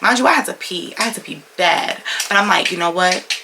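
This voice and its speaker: Young female vlogger, casual storytime delivery, creaky edges, noisy recording, animated and profane. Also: fairly low pitch, a little fast. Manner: animated, slangy storytelling with lots of swearing.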